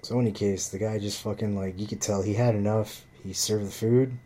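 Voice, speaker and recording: A man with a fairly low, mellow voice tells a rambling story in a loose, casual way. He swears constantly and fills his sentences with "like" and "you know." It is relaxed, unscripted vlog talk. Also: a little fast. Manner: profane, rambling, lots of fillers.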